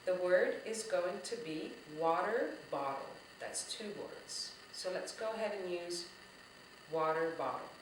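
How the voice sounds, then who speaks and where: A woman teaching a children's music lesson, speaking slowly, patiently and with clear articulation. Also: lowish voice, animated, slight background noise. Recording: echoey room, voice a bit far from the mic.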